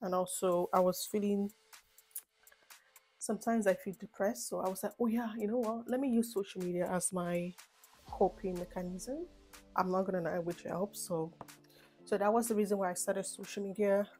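A young Nigerian woman with a Nigerian accent chats casually in a rambling get-to-know-me vlog, faint music behind her. Her medium-pitched voice keeps a normal speed, full of animated asides.

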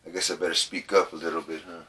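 A middle-aged man exploring an old abandoned trailer on a casual ghost-hunting vlog, talking in a halting, folksy way and repeating his words. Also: deep voice, little pitch movement, a bit bright, breathy edge. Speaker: paranormal vlogger.

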